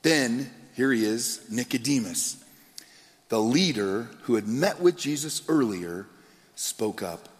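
A man preaching a sermon as pastor, telling the story with animated, acted-out quotes. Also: mid-range voice, takes it slowly. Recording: long hall reverb.

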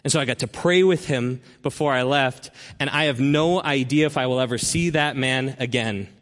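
A man's voice: medium pitch, a bit bright. Earnest male preacher in a reverberant hall. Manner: earnest storyteller who slows down for emphasis. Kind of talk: sermon storytelling. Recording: long reverb of a large hall.

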